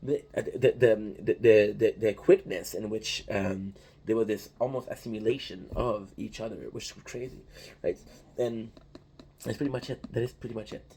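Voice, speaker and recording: A man talks in a loose, rambling monologue, tagging "right?" onto nearly every point. His voice is dark and soft-edged, with a slight huskiness. He restarts phrases often as he thinks aloud. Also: fairly low pitch, steady tone, normal speed, husky. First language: French. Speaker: channel host.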